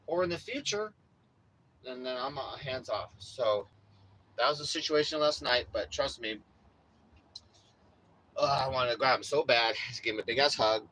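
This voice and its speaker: A man recounts a run-in to his viewers in loose, profane street talk. His voice sits at a middle pitch with a bright, forceful edge, and he punches up his own remembered lines as he acts them out. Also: rough recording. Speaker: vlogger. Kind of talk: casual storytelling to viewers. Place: RV neighborhood in Los Angeles.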